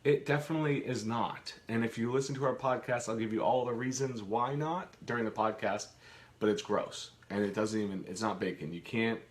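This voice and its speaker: A man's voice: mid-range voice, brisk. A man co-hosting a live home Q and A from his kitchen, chatting casually and rambling with jokes and restarts. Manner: rambling, jokey, trails off and restarts. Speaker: co-host of a live Q and A.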